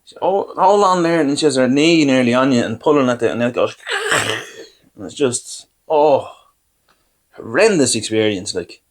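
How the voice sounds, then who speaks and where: A man's voice: medium pitch, moderate pace, pauses often. An Irish man hosting a podcast, telling rambling, self-deprecating comic anecdotes and acting out what people said to him. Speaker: podcast host. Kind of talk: comic storytelling.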